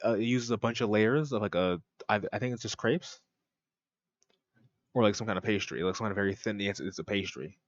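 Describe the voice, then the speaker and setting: A man's voice: on the low side, brisk, dry recording, lo-fi sound. A man streaming a casual reaction commentary, rambling and joking with mock-French asides. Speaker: streamer reacting to a cooking video.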